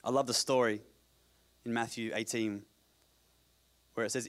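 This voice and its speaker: A man preaching a sermon as pastor at a church service, swinging between loud emphatic passages and quiet low asides. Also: fairly even intonation, unhurried, long pauses.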